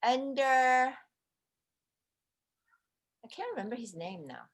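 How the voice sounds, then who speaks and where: A woman co-hosting a casual video-call interview, chatty and telling stories with quick asides. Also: high-pitched, lively intonation. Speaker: co-host, interviewer.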